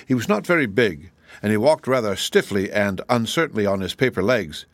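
Low-voiced man reading a storybook. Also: animated, brisk, no echo. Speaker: audiobook narrator. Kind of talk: scripted narration.

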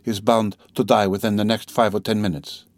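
Precise mistrustful old doctor, voiced by a male narrator, blunt, flat-toned, dry audiobook. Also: lowish voice, fairly quick, dry recording, natural voice. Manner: blunt, matter-of-fact, hushed.

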